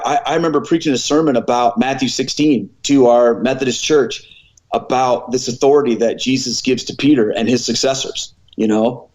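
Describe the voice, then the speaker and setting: A middle-aged man at an ordinary mid pitch tells a personal story with animation, acting out each exchange. The audio is a little dull and muffled, as on a modest recording. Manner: animated storyteller who acts out dialogue. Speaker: former pastor, podcast guest.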